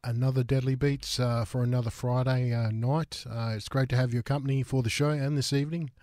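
A man with an Australian accent, hosting a radio music show, a bit out of breath and halting, with many filler sounds. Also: mid-range voice, level tone, darkish tone, no room sound, studio quality. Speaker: radio host. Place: radio studio.

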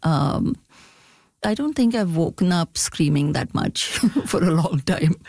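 A middle-aged woman speaks with a lowish voice, taking her time as a novelist reflecting in an interview. She laughs easily between thoughts. The sound is close and dry. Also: animated, darkish tone, dry recording. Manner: thoughtful, unhurried, laughs often while talking.

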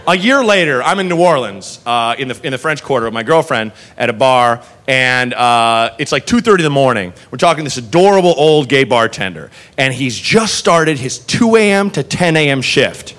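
A man doing stand-up, telling a rambling, profane story in an animated way. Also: mid-range voice, moderate pace, hardly any pauses. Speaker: stand-up comedian.

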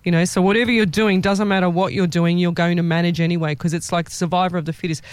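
A woman's voice: lowish voice, steady tone, fast talker, clean tone, dry recording. Rambling woman giving psychic readings. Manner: rambling, self-correcting, laughs often. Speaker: psychic medium. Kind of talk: live psychic reading on a show.

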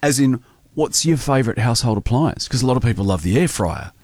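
A man's voice: mid-range voice, animated, fast talker, darkish tone, no room sound. A man hosting a radio show in a studio, chatting in an upbeat way. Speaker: radio host. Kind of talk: breakfast radio chat. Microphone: studio mic.

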